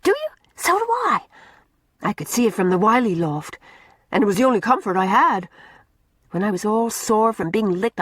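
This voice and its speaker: A woman reading an audiobook voices a blunt, quick-tempered orphan girl who talks in folksy rural slang. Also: mid-range voice, breathy edge, no echo, clean studio sound.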